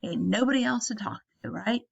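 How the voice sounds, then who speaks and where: A woman's voice: medium pitch, a little fast, gravelly, husky, muffled recording. Woman retelling as a lonely, bitter ranch wife. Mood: bitter taunting. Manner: sassy, taunting retelling.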